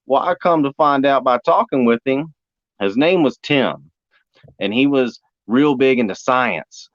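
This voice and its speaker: Young male testimony storyteller, animated, mid-range voice; dry, muffled lo-fi recording. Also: medium pitch, a little slow, no echo. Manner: animated, acts out quotes. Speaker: speaker giving testimony. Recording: dry, dull lo-fi audio.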